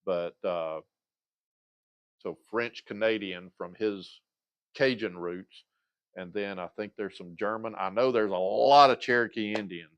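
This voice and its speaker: A man's voice: fairly low pitch, unhurried, dry recording. Rambling middle-aged man, dry close sound. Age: 50s. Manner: rambling, loses his train of thought; hesitant, many fillers and restarts. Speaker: livestream host. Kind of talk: casual rambling chat.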